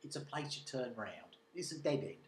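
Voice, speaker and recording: A man's voice: medium pitch, very animated, moderate pace, slight background noise. Man, chatty and digressive, casual storytelling, roomy echoing sound. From Britain. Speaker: local online news journalist.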